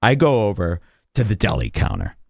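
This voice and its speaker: A man's voice: lowish voice, huge pitch swings, normal speed, creaky, no echo, clean studio sound. A man hosting a podcast, telling a rambling story in casual chat and swearing freely. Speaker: podcast host.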